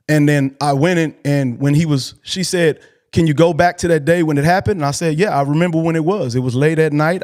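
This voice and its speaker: His voice slightly high and a little mellow, a man from Texas hosts a call-in show and tells a personal story. He is earnest, colloquial, and emotional to the verge of tears, repeating himself as he talks.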